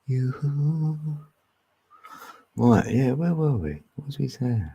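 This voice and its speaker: Cockney man, livestream host, dark husky low voice, chatty. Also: sing-song, slow pace. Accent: Cockney, East London. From England. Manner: chatty, chuckling, reads chat aloud. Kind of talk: casual livestream chat.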